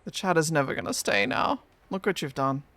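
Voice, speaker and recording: A man's voice: a little high, brisk, fairly bright tone, no room sound. A man streaming a game, chatting casually with a friend and teasing chat in a playful way.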